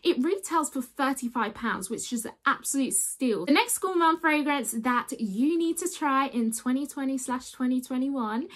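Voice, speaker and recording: A young woman with a slightly high voice talks to camera about perfumes. She gushes freely and keeps it chatty, often calling her viewers guys, in a relaxed vlog review. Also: normal speed, few pauses.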